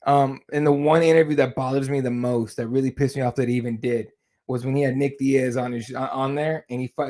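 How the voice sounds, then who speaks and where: A man's voice: medium pitch, a little mellow. A man co-hosting a podcast, talking in a rambling way full of restarts and casual swearing. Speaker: podcast co-host and writer. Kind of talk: casual chat.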